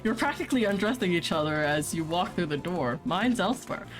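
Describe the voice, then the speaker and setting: A woman's voice: on the low side, lively intonation, brisk. Giggly young woman streamer reading a game. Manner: giggly, playful, joking asides. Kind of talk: casual playthrough, reading narration aloud. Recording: faint game music behind.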